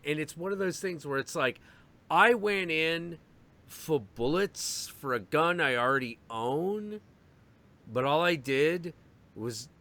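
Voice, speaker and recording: Young guy on a stream, bright tone, jumps between voices telling stories. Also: medium pitch. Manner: storytelling, acts out quotes in voices. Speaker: stream host. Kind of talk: casual chat.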